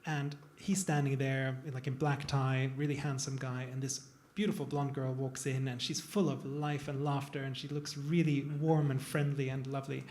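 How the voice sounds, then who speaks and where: A man's voice: mid-range voice, level tone, normal speed, hardly any pauses, darkish tone. A man, a plastic surgeon, talking casually on a panel to a live audience, digressive and self-deprecating. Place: event room with an audience.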